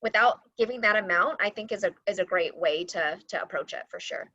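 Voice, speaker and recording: A woman working in school admissions, answering a panel question in an earnest, steady way with a few fillers, heard over a video call. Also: mid-range voice, brisk, no echo, dull audio. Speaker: admissions coordinator.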